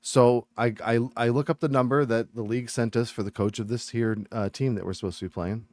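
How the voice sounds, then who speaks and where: A man's voice: mid-range voice, brisk, darkish tone, no echo. A man from Massachusetts chatting and ranting on a live game stream, reading viewer chat aloud.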